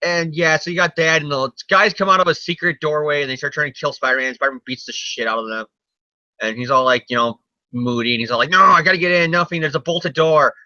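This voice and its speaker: A man's voice: mid-range voice, fairly even intonation, fast, sharp tone, no room sound. A man co-hosting a casual comic review chat, rambling, jokey and swearing often. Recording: dull lo-fi sound, dry.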